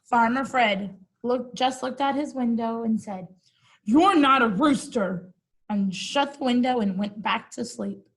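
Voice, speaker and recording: A woman reads a children's story aloud and keeps stopping for casual, amused remarks to her listeners. Her voice is slightly high and husky, and she takes her time with every phrase. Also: unhurried, poor audio. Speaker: storybook reader. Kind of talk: reading a picture book aloud with chatty asides.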